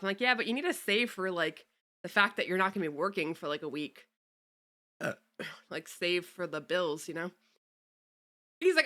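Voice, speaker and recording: A woman's voice: lowish voice, moderate pace, pauses often, sharp tone. A young woman streamer chatting casually with her viewers, greeting them and cursing offhandedly. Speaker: VTuber streamer. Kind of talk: casual livestream chat.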